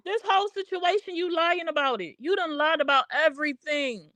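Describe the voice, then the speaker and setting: A woman's voice: high voice, moderate pace, hardly any pauses, dry recording. A woman hosting a casual drama commentary livestream, talking bluntly and with animation, and repeating her points as she calls someone out. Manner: blunt, animated calling-out with repetition. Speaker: livestream host. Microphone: streaming microphone.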